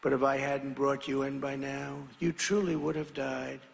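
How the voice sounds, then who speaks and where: A man's voice: medium pitch, flat delivery, moderate pace, vocal fry. A man voicing a tender-hearted, trusting woman in a recited poem, heard with a long echo from a large venue. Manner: gushing, then pleading.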